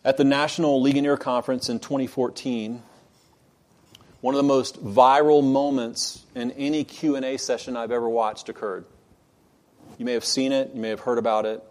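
A man preaching in a mid-range voice, earnest and deliberate. He leans into key phrases with rising force and lets other lines drop low and quiet. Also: level tone. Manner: earnest preaching that builds to loud emphatic outbursts. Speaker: pastor. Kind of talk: sermon.

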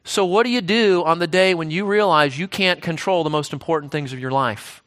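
A man's voice: fairly high pitch, a little fast, a bit bright. A man, the pastor, preaching a sermon in a conversational way, often restarting phrases and checking in with "right?".

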